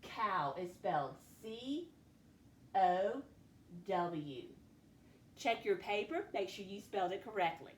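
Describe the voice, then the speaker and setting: In an echoey room with a little background noise, a woman teaches kids phonics spelling. Her mid-range voice is expressive, and she takes her time, patiently sounding out each word.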